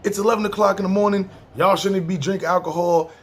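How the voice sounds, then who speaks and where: A man's voice: high voice, steady tone, fast, close to an everyday voice. A man with a New York accent quoting an uptight, easily offended young man, preachy and indignant.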